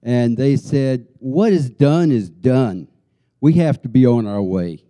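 A man playing a humble, devout healed leper in a church skit, praising slowly and fervently. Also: mid-range voice, animated, mellow. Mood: earnest.

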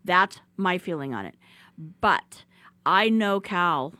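A woman's voice: lowish voice, animated, takes it slowly, bright, forceful tone, dry recording. A woman co-hosting a radio law talk show, giving her opinion wryly. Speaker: attorney co-host.

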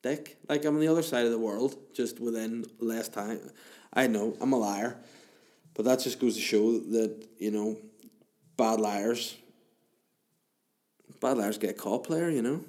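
A man's voice: mid-range voice, a little slow, long pauses, a little mellow. A man, hosting a casual chat show and answering listener questions in a rambling, crude, self-mocking way.

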